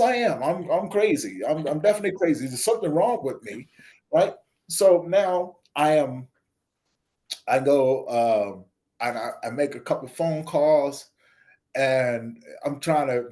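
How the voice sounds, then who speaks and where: A man talking through a personal story on an interview show. He slips into softer, lower tones when he quotes the people in his tale. At other moments he lifts his voice and gets loud and lively. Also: measured pace. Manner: animated storyteller, acts out dialogue with voice shifts; drops soft and low when quoting others. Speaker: podcast guest, nonprofit founder.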